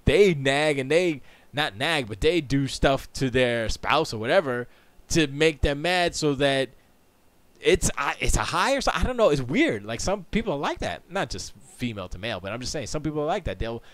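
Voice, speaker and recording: A man's voice: mid-range voice, animated, normal speed, fairly bright tone, dry recording. A man hosting a live stream from his home studio, chatting casually, rambling and interrupting himself, often laughing. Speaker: streamer and show host.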